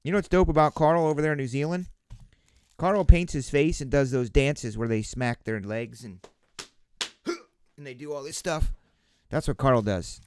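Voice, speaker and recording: A man hosts a casual live card-break stream, chatting with viewers and calling out player names as they appear. His voice is medium-pitched, a little mellow, and clean in tone, at a normal speed.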